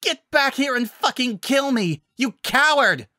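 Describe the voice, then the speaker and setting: A man's voice: extremely high pitch, animated, drawn-out words, pushed and bright, dry recording, studio quality, voice pushed up, heavily acted. A man voicing an unhinged, vengeful female ex-flier villain who screams and swears in a frantic rage. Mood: raging.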